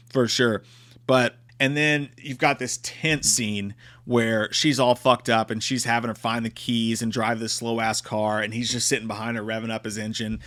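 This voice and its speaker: A man's voice: mid-range voice, a bit bright, slight background noise. A man giving a casual, profane and exclamatory movie review.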